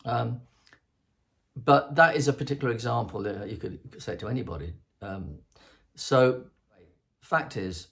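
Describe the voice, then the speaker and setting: A man's voice: mid-range voice, creaky. An older man chatting alone to camera, rambling, restarting often and singing out rhythms to make his point. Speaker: host. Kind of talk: rambling solo chat to camera.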